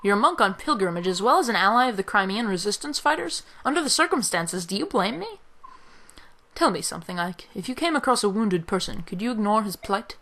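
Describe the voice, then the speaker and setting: Woman doing a gentle wandering monk, hushed, measured, bright timbre. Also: medium pitch, animated. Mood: serene. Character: calm, serene wandering male monk.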